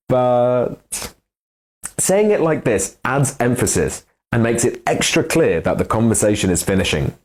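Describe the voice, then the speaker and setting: A man teaching English in a scripted lesson, explaining lively and expressively. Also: medium pitch, unhurried.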